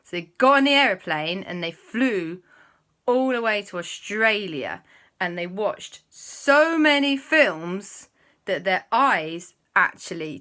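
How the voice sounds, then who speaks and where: Slow, bright-voiced woman telling a story. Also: fairly low pitch, vocal fry. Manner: playful, chatty, jumps into silly voices. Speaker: children's storyteller. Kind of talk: improvised story narration for children.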